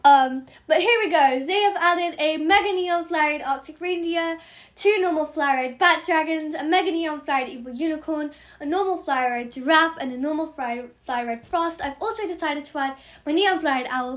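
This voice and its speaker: A woman hosting a gaming channel, chattering fast and excitably as she narrates her in-game trades and apologizes for talking so quickly. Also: high-pitched. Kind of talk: game trading commentary vlog.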